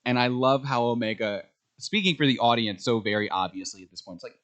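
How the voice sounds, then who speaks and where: A man co-hosting a podcast, chatting casually and excitedly about a show, with many ums. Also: medium pitch, quick pace. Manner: enthusiastic fan talk with frequent fillers. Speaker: podcast co-host. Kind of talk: casual chat.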